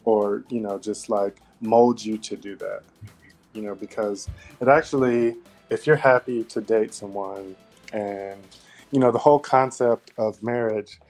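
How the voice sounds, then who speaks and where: A man's voice: on the low side, fairly even intonation, unhurried, a little mellow, faint music behind. A man speaking as a guest on a podcast, talking loosely in casual conversation with lots of "you know" and "like". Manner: rambling, many "you know" and "like" fillers.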